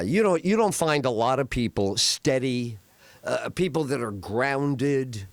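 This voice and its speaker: A middle-aged man hosts a talk radio show, his voice swooping high and low as he rambles through heartfelt stories, full of restarts. He sounds choked up as he talks, close to tears. The studio sound is completely dry. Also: no echo. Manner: emotional, rambling storytelling with restarts. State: tearing up. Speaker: radio host. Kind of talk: casual talk radio monologue.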